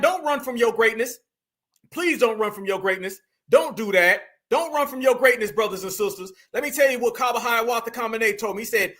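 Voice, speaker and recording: A man with a very high, ringing bright voice reacts to clips in loose, slangy commentary. He sounds incredulous and swears freely. His delivery stays animated throughout. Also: a little fast. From United States. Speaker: show host.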